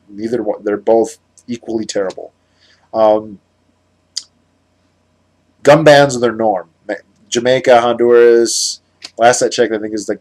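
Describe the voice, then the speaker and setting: A man's voice: lowish voice, darkish tone. A man from the United States giving a heated, sarcastic monologue on his vlog, rambling with many restarts. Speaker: political commentator.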